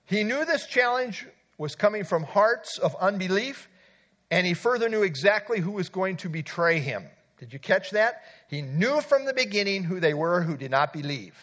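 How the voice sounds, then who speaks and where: Lively-pitched man preaching a sermon. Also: moderate pace. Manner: lively, conversational preaching with asides. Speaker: pastor.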